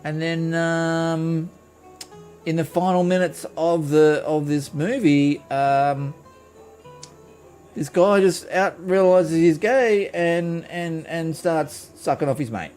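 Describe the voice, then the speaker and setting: A man's voice: on the high side, takes it slowly, a little mellow, faint music behind. A man streaming live, telling a rambling, profane story with lots of restarts. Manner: rambling, swears freely, restarts a lot. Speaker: game streamer.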